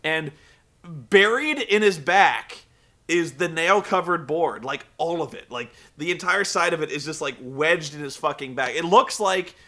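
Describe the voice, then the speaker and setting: A man casually recapping a wrestling show, rambling and profane, telling the story with animated energy. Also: a little high, a little slow.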